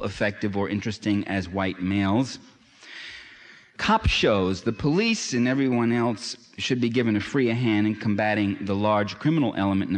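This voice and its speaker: A man lecturing to an audience in a sardonic, pointed way that climbs into impassioned emphasis. His voice sits at an ordinary male pitch. A long hall reverb trails each phrase. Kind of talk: public lecture.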